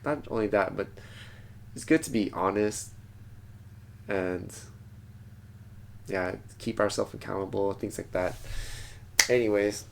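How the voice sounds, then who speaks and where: Low gravelly-voiced male vlogger. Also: measured pace, long pauses, slight background noise. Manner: digressive, thinks aloud with frequent restarts. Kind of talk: casual rambling vlog monologue. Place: small home studio.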